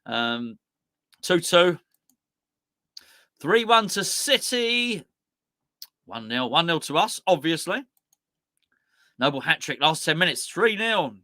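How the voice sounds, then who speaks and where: A man hosting a live stream, rambling chattily and reading out viewers' messages, swinging between excited highs and low muttered asides. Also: takes it slowly, pauses often, no room sound, clean studio sound. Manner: rambling, chatty, talking to himself while reading out the chat. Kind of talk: casual live-stream chat.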